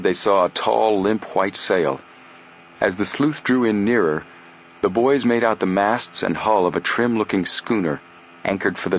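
A man narrating an adventure audiobook in a steady, measured storytelling voice. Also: fairly low pitch, a little hiss or hum. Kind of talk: scripted narration.

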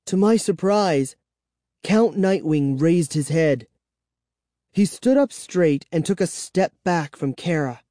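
A reader narrating a first-person children's story in a measured, even storytelling voice. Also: mid-range voice, dry recording, studio quality. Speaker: audiobook narrator.

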